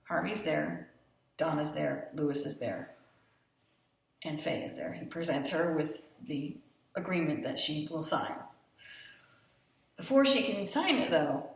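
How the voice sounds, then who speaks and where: A woman casually recapping a TV episode, animated, blunt and full of swearing. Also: low-pitched, a little slow, creaky. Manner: animated retelling, profane and blunt. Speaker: TV show reviewer. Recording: very echoey room, distant mic.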